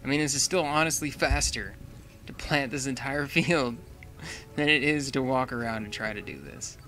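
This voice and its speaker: A man's voice: medium pitch, moderate pace, pushed and bright, faint music behind. A young man giving casual, chatty commentary while playing a building game, thinking aloud and laughing often. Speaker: gaming channel host.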